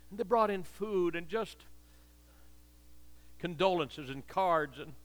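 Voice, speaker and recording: A man's voice: high-pitched, expressive, slow, a bit bright. An older man preaching a sermon with impassioned, repetitive cadences, heard with long reverb in a hall.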